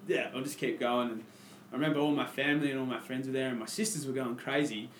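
A man's voice: medium pitch, steady tone, fast talker, reverberant, a little hiss or hum. An Australian man, a podcast guest, telling a story in casual chat and acting out his own past lines.

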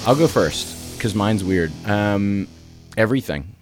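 Low-voiced animated man laughing through stories. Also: takes it slowly, over music. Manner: animated storyteller, laughing often, voice jumping high when acting out quotes. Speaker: podcast co-host. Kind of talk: casual church podcast chat.

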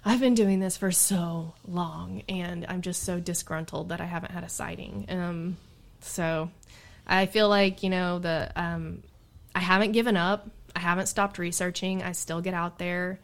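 A middle-aged woman, a Bigfoot researcher, telling a story in casual chat, animated and exasperated, laughing now and then. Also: on the low side, unhurried, vocal fry.

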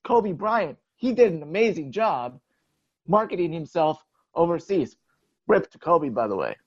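A young man co-hosting a casual sports podcast, rambling in a relaxed way with lots of "like". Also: fairly high pitch, measured pace, dry recording, muffled recording. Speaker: podcast co-host.

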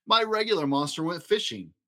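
A man's voice: high voice, big pitch swings, a little fast, pushed and bright, voice pushed up, full character voice. A man voicing a young boy at bedtime in a storybook, defensive and indignant.

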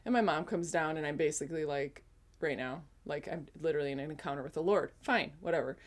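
A woman's voice: deep voice, fast. A woman in her forties telling a casual personal testimony, rambling with frequent self-corrections. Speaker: speaker sharing a spiritual testimony.

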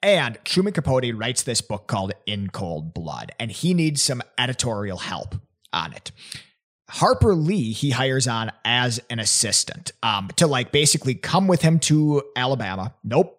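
A young man telling a story in casual chat, animated and laughing often, with many "like" fillers. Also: mid-range voice, normal speed. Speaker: podcast guest presenting a theory.

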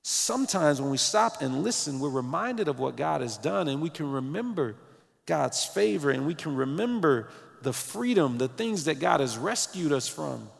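A man preaching a sermon as pastor, animated, sometimes breaking into snatches of song, with his morning voice. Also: fairly high pitch, normal speed, gravelly, long reverb tail.

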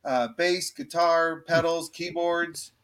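A man co-hosting a podcast, reviewing an album with many pauses and restarts but plenty of enthusiasm. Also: fairly high pitch, fairly even intonation, a bit bright, slight background noise. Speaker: podcast co-host. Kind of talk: casual album review chat.

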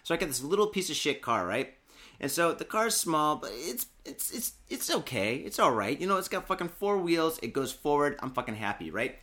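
A young man from Michigan, USA, co-hosts a podcast in a casual, rambling chat, cursing heavily and constantly and packing his speech with filler. His voice is a little high and sing-song with a sharp tone, at a moderate pace.

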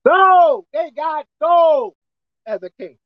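A woman preacher delivering a folksy, emphatic sermon, swinging between shouting and hushed tones. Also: high voice, lively intonation, slow, no echo, phone-quality sound. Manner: folksy, colloquial.

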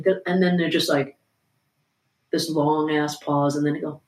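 A woman's voice: sits low, fairly even intonation, normal speed, darkish tone, echoey room. A woman musician chatting casually as a guest, laid-back and swearing, telling stories with little impressions. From United States. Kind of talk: casual interview chat.

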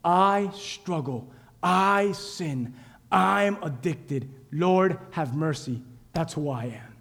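A preacher playing a broken, pleading tax collector. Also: male voice, a little high, slow, vocal fry, a bit bright, pitched below the performer's own voice, full character voice. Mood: remorseful. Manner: pleading, remorseful.

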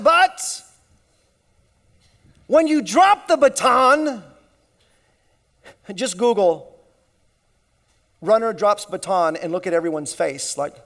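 A man preaching a sermon, retelling a story and dropping his voice to a hush for emphasis. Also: high voice. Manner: storytelling with sudden drops to a hush. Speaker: pastor.

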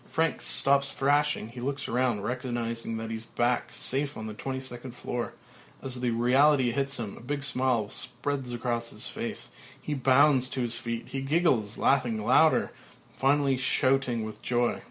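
A man, a podcast host, reading a script's stage directions aloud in a steady, matter-of-fact way, with small slips. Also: medium pitch, measured pace.

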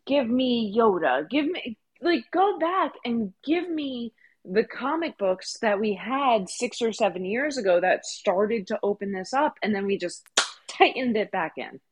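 A woman's voice: a little high, animated, unhurried, husky. A woman co-hosting a casual podcast chat. She talks in an eager, earnest way. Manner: enthusiastic, earnest. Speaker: podcast co-host.

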